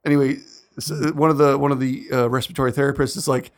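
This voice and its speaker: A man's voice: medium pitch, quick pace. A man co-hosting a casual chat podcast, telling stories with lots of laughter and acted-out quotes. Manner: animated, laughs often, acts out quoted voices. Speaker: podcast co-host.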